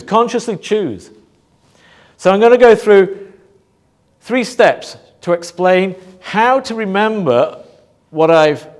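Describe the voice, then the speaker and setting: A man giving a motivational talk to a live audience, asking rhetorical questions and pausing for emphasis. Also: high voice. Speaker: motivational speaker.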